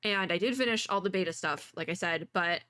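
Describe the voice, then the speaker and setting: A young woman giving casual reaction commentary as a VTuber, gushing and excitable, talking to herself as she watches. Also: fairly low pitch, fairly quick, dry recording, clean studio sound. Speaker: VTuber reacting to an animated short.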